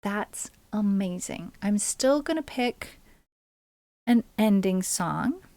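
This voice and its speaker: A woman's voice: medium pitch, animated, slow, dark tone, dry recording. A woman music streamer chatting casually and playfully with her live viewers between songs. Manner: playful, chatty, talking straight to her audience. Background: her own ukulele.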